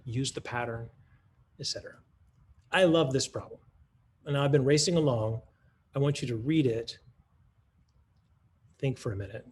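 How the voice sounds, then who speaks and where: A man's voice: mid-range voice, slight background noise. A man giving a conference talk that models a math lesson, in a teacherly way, thinking aloud with restarts and rhetorical questions. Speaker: math curriculum presenter.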